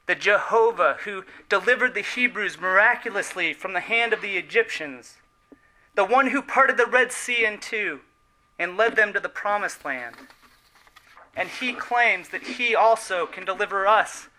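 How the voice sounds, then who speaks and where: In a low-quality recording, a man gives a sermon with a high, notably bright, powerful voice. He speaks with earnest emphasis, drawing out important words, while the ends of his phrases fade gently away.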